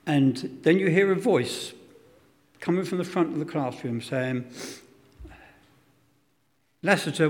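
A man's voice: on the high side, a little mellow. A man preaching a sermon, dramatic and emphatic, acting out quotes, with self-deprecating humour. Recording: long hall reverb.

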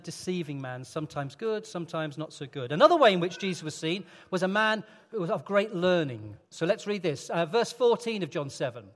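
A man leading a playful, interactive children's talk in church, coaxing volunteers and reading scripture slowly. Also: high voice. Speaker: preacher. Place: large church hall. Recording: long church-hall reverb.

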